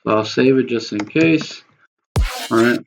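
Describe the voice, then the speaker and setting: A man's voice: medium pitch, a little slow, gravelly. A man streaming a music production session, talking loosely to his chat with a bit of swearing. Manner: rambling, loose and profane, talks to chat viewers. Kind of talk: casual livestream talk while producing. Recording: slightly dull lo-fi stream audio with faint noise.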